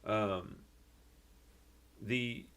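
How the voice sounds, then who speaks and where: Young man, lowish voice, excitable, rambling vlog storytelling. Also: extremely slow, clear, resonant tone. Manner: excitable, rambling, frequent fillers and restarts. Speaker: vlogger.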